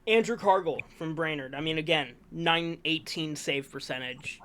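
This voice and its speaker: Against some background noise, a man with a slightly high voice speaks a little slowly. He's a co-host presenting awards on a casual sports review, hiccuping while he announces the finalists in a rambling, self-correcting way, full of enthusiasm for the players.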